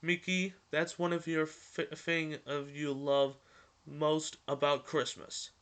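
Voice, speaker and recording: A man's voice: fairly high pitch, little pitch movement, a bit bright, clear, resonant tone. A man reading the lines of a happy, affectionate female cartoon mouse from a storybook, with stumbles. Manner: halting read-aloud with stumbles.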